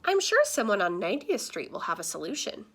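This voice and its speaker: A woman's voice: mid-range voice, wildly swooping pitch, a little fast, a bit bright, slightly rough, exaggerated voice. A woman voicing a theatrical soap-opera star who speaks in a put-on English accent, in a storybook read-aloud. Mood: soothing. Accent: fake English. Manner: gushing, dramatic.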